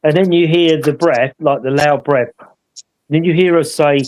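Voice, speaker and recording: Chatty man, higher-pitched. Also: fairly even intonation, normal speed, a little mellow, rough recording. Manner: rambling, tag questions seeking agreement. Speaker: paranormal investigator co-hosting a live show. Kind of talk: casual anecdotal storytelling.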